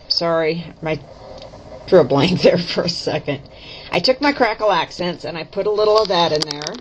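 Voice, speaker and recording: Background noise sits under this fairly low female voice. A chatty, folksy craft vlogger, she walks the camera through her projects step by step and corrects herself along the way, all captured in dull lo-fi audio from the camera mic.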